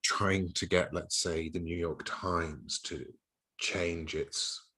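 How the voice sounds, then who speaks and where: A man hosting a conversational interview, with a very deep voice. He is wry and thoughtful and steers the talk with leading questions. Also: fairly even intonation, slow pace, bright, forceful tone. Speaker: interviewer and host.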